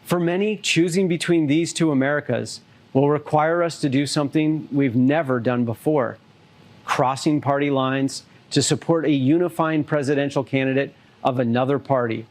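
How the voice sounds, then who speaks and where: A man delivering a prepared political speech in a measured, earnest way. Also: medium pitch, a little mellow.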